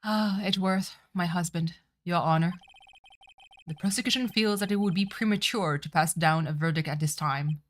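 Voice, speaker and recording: Speaking at normal speed in a fairly low voice, a woman streams herself performing every part of a courtroom game's script, with profane comments of her own slipped in. Music sounds faintly behind her.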